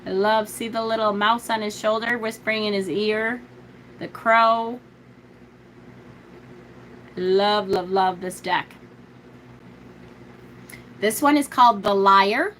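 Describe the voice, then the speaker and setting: A woman's voice: steady tone, fairly bright tone, a little hiss or hum, rough recording. Gushing, chatty woman tarot streamer. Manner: gushing and chatty, thinks aloud and corrects herself; reads card descriptions aloud slowly and low. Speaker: tarot reader and livestream host. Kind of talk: casual live-stream chat, showing tarot decks and answering viewer comments.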